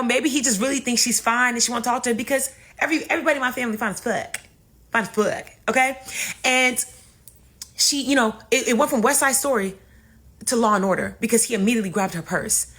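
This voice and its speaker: A young woman tells a comedic story straight to her audience, casual, animated, and profane, in a medium-pitched voice.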